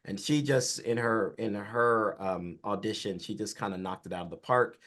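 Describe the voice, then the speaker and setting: A film director from Georgia, a man, giving relaxed, explanatory interview answers about his career and work. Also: on the low side, normal speed. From Atlanta, Georgia, US.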